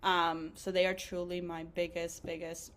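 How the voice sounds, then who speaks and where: A physician assistant student in her twenties, speaking a little slow in a fairly low voice, appears as a guest on a podcast for a casual interview chat. She is chatty, emotional and animated, filling her speech with fillers and laughter.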